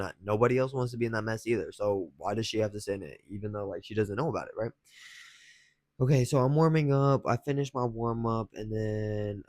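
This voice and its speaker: A man's voice: fairly low pitch, darkish tone, no echo. A young man telling a rambling story in casual chat as a dating advice vlogger, slangy, swearing freely and chuckling often.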